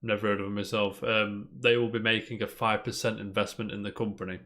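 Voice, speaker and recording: A man with a fairly low voice co-hosts a casual podcast. He reads out news stories and rambles between them, throwing in a friendly "mate" every few lines. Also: little pitch movement, a little fast, a bit bright. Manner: chatty, rambling, peppers talk with "mate". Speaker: podcast co-host.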